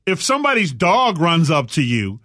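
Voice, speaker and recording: A man's voice: a little high, sing-song, moderate pace, bright, forceful tone, no room sound, studio quality. A man hosting a comic talk show, sarcastic, riffing and slipping into mock voices. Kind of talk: comic panel banter.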